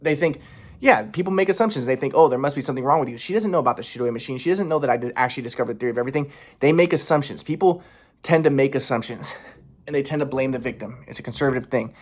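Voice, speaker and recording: Mid-pitched male vlogger, rambling and aggrieved, swears a lot. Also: fast. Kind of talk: casual personal monologue.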